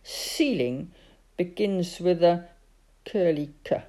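A woman's voice: lowish voice, takes it slowly, dark tone. A woman voicing a weary father laid up on the floor, sounding pained and desperate. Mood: dry. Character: weary grown man, a girl's father, laid up.

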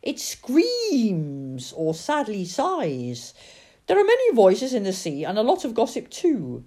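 A woman reading a children's storybook aloud in a dramatic, expressive way. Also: medium pitch, a little slow. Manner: dramatic, sing-song.

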